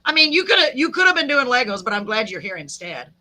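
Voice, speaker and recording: Woman host, bright and forceful tone, chatty and laughing, folksy. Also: fairly high pitch, big pitch swings, fast. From Texas. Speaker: podcast host. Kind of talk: casual live chat with a guest.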